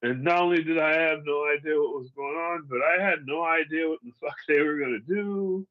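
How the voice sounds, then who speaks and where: A Seattle man in his forties, his voice a little high and fairly quick, sounds like he's on the phone. He tells his own survival story candidly and casually, swearing freely and laughing through the hard parts.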